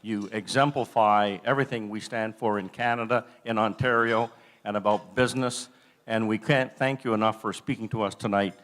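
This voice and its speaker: A man hosting an event, giving brief, courteous and slightly halting thanks to the guest speaker. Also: on the low side, steady tone, a bit bright. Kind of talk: formal thank-you remarks.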